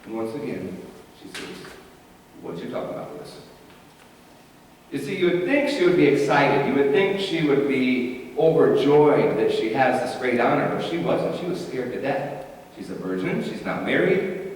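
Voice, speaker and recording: A man's voice: medium pitch, expressive, moderate pace, a little mellow, distant mic. A male pastor giving a conversational, humorous sermon in a church, heard from afar in an echoey hall.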